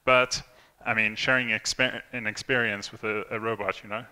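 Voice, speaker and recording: This young man's lowish voice is pushed, bright, and clean, with fairly even intonation at a moderate pace. Giving an informal conference tech talk, he chats with many fillers and restarts and acts out quoted lines, recorded in a reverberant hall.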